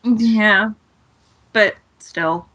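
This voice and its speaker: A woman's voice: mid-range voice, drawn-out words, pushed and bright, dull audio. A woman co-hosting a podcast, recapping wrestling in blunt, sarcastic casual chat and swearing freely. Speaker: podcast co-host.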